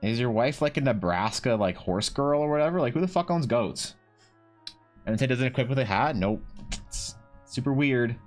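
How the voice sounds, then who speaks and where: A man's voice: mid-range voice, lively intonation, moderate pace. Man, streamer, casual rambling chat, cursing, restarts, faint music behind. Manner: rambling and profane, many restarts.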